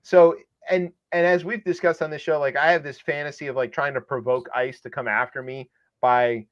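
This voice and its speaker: A man's voice: mid-range voice, fairly even intonation, normal speed. A man co-hosting a comedic news podcast, rambling and sarcastic with many fillers. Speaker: podcast co-host. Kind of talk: casual comedic news chat. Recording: dull lo-fi sound.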